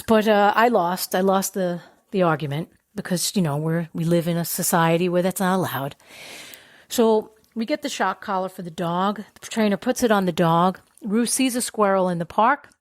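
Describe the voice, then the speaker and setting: A woman telling a casual personal story about her dog, animated, acting out the voices of the people in it. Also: mid-range voice, no room sound. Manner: animated, acts out quoted voices. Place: New York City.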